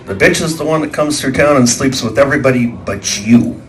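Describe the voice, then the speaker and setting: A man's voice: mid-range voice, a little fast, slight background noise. A man performing a stand-up comedy set for a small live audience, telling folksy stories and acting out the voices and sound effects.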